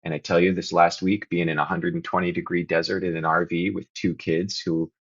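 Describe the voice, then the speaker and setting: This podcast guest speaks candidly and earnestly in a confessional chat, thoughtful at times and emphatic at others. His voice sits low and husky with little pitch movement, he talks fairly quickly, and the audio sounds muffled.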